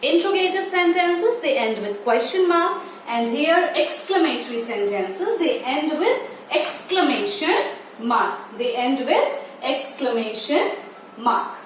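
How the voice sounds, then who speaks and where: Her voice sits high and expressive as this primary school English teacher leads an online class for little kids, drawing out important words and saying them again and again at a slow pace. The audio is distant and very echoey, with faint background noise.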